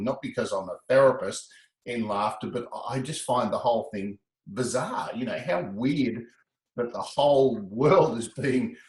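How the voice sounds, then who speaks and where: A middle-aged man, a guest telling his story in a casual interview, animated and quick to laugh. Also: medium pitch, roomy sound, poor audio. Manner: animated, breaks into laughter, repeats words.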